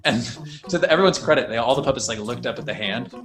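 A man's voice: mid-range voice, fast talker, crowd noise. A young man, a puppeteer from New York State, chatting in an interview and telling long stories in a loose, rambling way full of "like"s. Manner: rambling, animated storyteller with many "like"s. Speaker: puppeteer guest. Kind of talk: casual interview storytelling.

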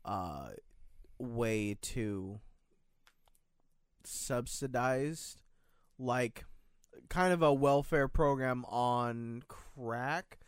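A man's voice: medium pitch, extremely slow, long pauses, smooth, dry recording, clean studio sound. A young man from the United States chatting casually, rambling and hedging, with frequent restarts and casual swearing. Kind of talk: casual chat.

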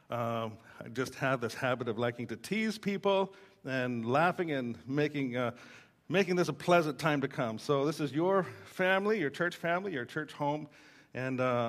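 A man, a pastor, preaching a sermon in a joking, storytelling way with frequent fillers and restarts. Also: medium pitch.

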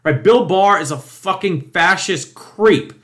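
A man's voice: high-pitched, lively intonation, slow pace, a bit bright. A man delivering an indignant, profanity-laced political opinion monologue, emphatic and mocking. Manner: mocking quoted voices. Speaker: political commentator.

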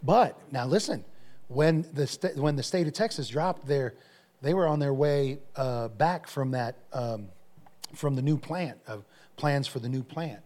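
A man's voice: medium pitch, unhurried, a little mellow. A male pastor preaching a sermon, telling stories with energy and often repeating his phrases.

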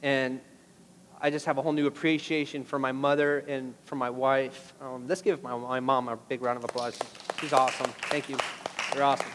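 A man's voice: medium pitch, flat delivery, a little fast, fairly bright tone, long reverb tail, a little hiss or hum. A man preaching a sermon as pastor, impassioned, rising to emphatic peaks on key phrases.

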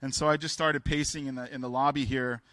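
A man delivers a sermon built from personal stories, speaking candidly and haltingly with frequent restarts and raising his voice to play the people he describes. His voice sits mid-range and a bit bright, the delivery is flat, and the recording is dry.

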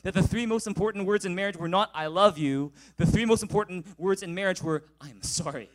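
A man in his thirties preaching a sermon as pastor, leading the congregation in call-and-response and rising loud when reading scripture. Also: high voice, brisk.

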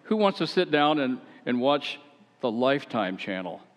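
A man's voice: mid-range voice, big pitch swings, moderate pace. Chatty preacher man in an echoey hall. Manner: chatty and rhetorical, with wry asides and self-deprecating stories. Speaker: pastor. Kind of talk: conversational sermon. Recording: echoey hall, dull lo-fi sound.

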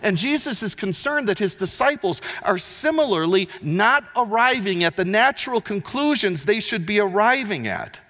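A man preaching a sermon, swinging between loud emphatic lines and quiet, low asides. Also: lively intonation, normal speed, hardly any pauses. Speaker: pastor. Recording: long hall reverb.

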